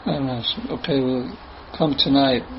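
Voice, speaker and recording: A man telling a story in a loose, conversational way. He stops and starts, laughs now and then, and keeps a mid-range voice. The recording sounds a little muffled, with a faint hum of ambient noise behind him. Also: medium pitch. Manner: casual, halting, with laughs and restarts. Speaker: spiritual teacher telling a story. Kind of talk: storytelling talk.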